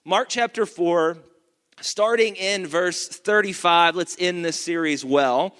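A male pastor giving an energetic sermon, reading scripture and calling out to the congregation. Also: sits high, slow pace, smooth. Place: church. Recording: long church reverb.

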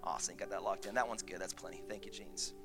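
A man's voice: low-pitched, steady tone, fast talker, creaky, over music. A man preaching a sermon to his church, chatty with laughing asides, building to emphatic points. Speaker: pastor. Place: church sanctuary.

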